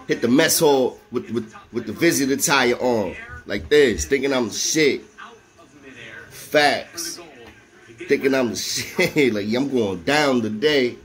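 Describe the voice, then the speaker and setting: A man with a New York accent telling a story from his time inside, casual and animated, laughing often, in heavy street slang. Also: medium pitch. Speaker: storyteller recalling prison life.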